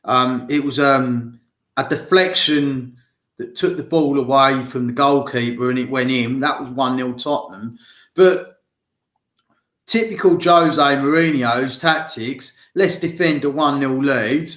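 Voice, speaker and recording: A man's voice: medium pitch, unhurried, fairly bright tone. A man talking football to his fans in a loose, rambling solo chat, speaking to them directly. He has a nagging cough and takes his time over his words. His voice bounces around a roomy, echoey space. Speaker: football fan vlogger. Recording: roomy echo.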